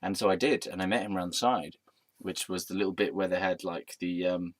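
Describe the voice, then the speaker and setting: A man's voice: sits low, fairly even intonation, brisk, no room sound. A man telling a casual storytime monologue in a rambling, playful, self-amused way. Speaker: vlogger.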